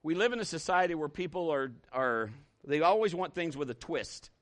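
Male pastor, high voice, folksy storytelling sermon, emphatic on scripture. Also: lively intonation, normal speed. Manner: folksy, conversational preaching with acted-out stories.

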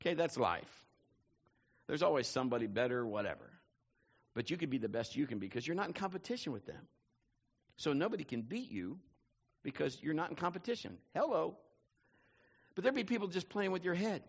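A male pastor delivers a sermon in a high, bright voice that swoops all over the place. He tells stories animatedly and climbs to shouting. The recording sounds muffled and lo-fi. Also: a little fast, vocal fry, long pauses, breathy edge. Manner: animated storytelling, building to shouts.

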